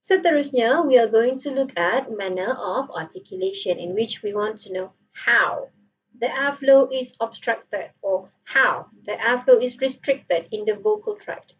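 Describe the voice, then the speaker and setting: A woman's voice: on the high side, measured pace, husky, far from the mic, lo-fi sound. A woman with a Malaysian accent giving a phonetics lecture, playful and switching between Malay and English as she demonstrates sounds. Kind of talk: recorded online lecture.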